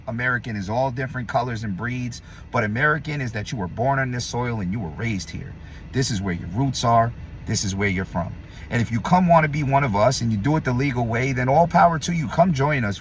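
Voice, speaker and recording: A man delivering a heated, blunt opinion rant to camera, profane and combative, swinging between loud emphasis and low muttering. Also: a little hiss or hum. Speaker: vlogger.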